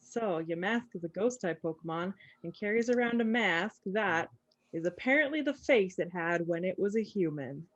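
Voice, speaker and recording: A woman's voice: fairly low pitch, lively intonation, normal speed, dull audio. A woman co-hosting a gaming podcast, chatting casually with a wry, sarcastic edge. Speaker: podcast co-host. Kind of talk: casual chat.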